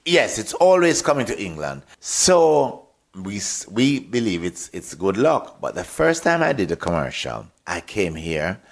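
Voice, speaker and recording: An older man with a Jamaican accent, telling lively stories as a radio interview guest, laughing often and repeating words. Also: fairly low pitch, unhurried, gravelly.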